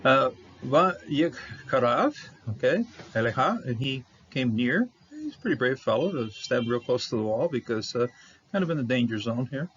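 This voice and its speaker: A man teaching a verse-by-verse Bible Hebrew lesson, halting with fillers and restarts, repeating words for stress. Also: mid-range voice, sing-song, a bit bright. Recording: dull lo-fi audio with faint noise.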